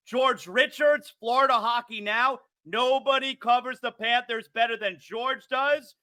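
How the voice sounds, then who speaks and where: A man hosting a sports talk show, chatty and excitable, reading an ad and then questioning a guest. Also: very high-pitched, a little slow, hardly any pauses. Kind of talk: casual sports talk with ad read.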